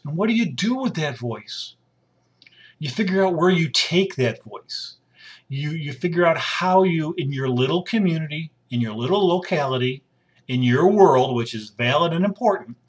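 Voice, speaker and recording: A middle-aged man giving blunt, rambling casual commentary on his own, often repeating himself and breaking off mid-sentence. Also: fairly high pitch.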